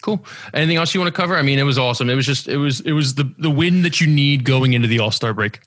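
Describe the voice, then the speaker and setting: A man's voice: mid-range voice, a bit bright, no echo. A young man, co-hosting a casual sports podcast, teasing and emphatic. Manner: teasing, quick-fire and emphatic. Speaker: podcast co-host.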